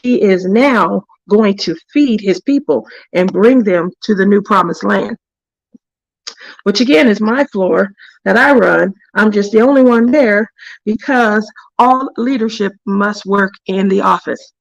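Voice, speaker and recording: A woman's voice: mid-range voice, a little slow, gravelly, no echo, lo-fi sound. A woman hosting a casual craft livestream, telling a work story in a chatty way, laughing often and stopping to greet viewers by name. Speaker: craft channel host.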